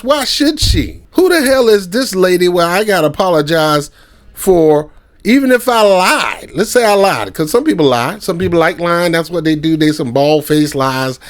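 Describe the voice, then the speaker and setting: A man with a fairly high voice rants in loose, slangy commentary. He is heated and mocking, and he drifts into laughing stories as he goes. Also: expressive, moderate pace. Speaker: commentary channel host. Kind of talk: casual ranting commentary.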